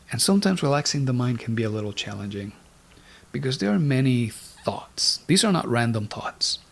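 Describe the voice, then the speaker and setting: A man with a gravelly, creaky voice gives a spiritual lecture on meditation. He speaks slowly and deliberately at an ordinary pitch, guiding like an instructor and letting some words sink to a whisper. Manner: slow, deliberate teaching with words dropped to a whisper.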